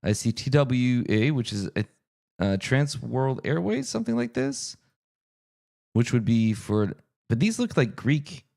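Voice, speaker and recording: Male streamer, casual live chat, thinks out loud, answers chat, animated and expressive. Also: mid-range voice, a little slow, gravelly. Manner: chatty, thinks aloud, answers viewer chat. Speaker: streamer and game master.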